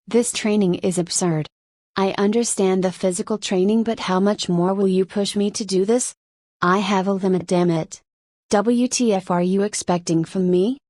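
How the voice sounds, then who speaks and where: A woman's voice: mid-range voice, fairly even intonation, moderate pace, a little mellow, no room sound, clean studio sound, close to an everyday voice. A woman voicing an exhausted young man pushed to his limits, complaining and out of breath in an audiobook reading. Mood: frustrated.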